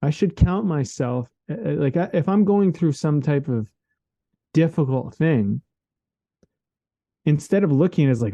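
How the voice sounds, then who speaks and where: Very dark-voiced earnest man, lo-fi remote audio. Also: fairly high pitch, lively intonation, unhurried, long pauses, dry recording. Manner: earnest and rambling, peppered with "like" and "man". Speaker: podcast co-host. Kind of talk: casual reflective conversation. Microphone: remote call microphone. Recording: dull lo-fi remote recording.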